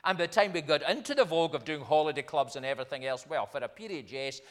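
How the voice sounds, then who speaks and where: Older minister giving a sermon, chatty then emphatic, voice a bit high, long echo in the church. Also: male voice, quick pace. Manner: conversational preaching, rising to emphatic points.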